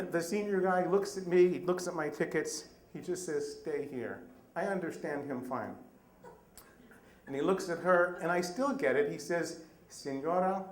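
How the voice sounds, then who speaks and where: A middle-aged man telling a personal story on a live stage, animated and self-deprecating. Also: fairly high pitch. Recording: echoey live room.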